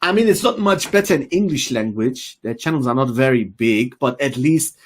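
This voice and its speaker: Interview host, male, husky voice, mid pitch, urges and exhorts, slips in Arabic phrases. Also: expressive, normal speed. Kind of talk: online interview.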